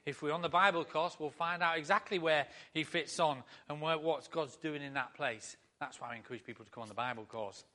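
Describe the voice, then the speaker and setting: Bright-voiced male pastor preaching. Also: fairly high pitch. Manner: conversational, enthusiastic preaching with rhetorical questions. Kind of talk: sermon.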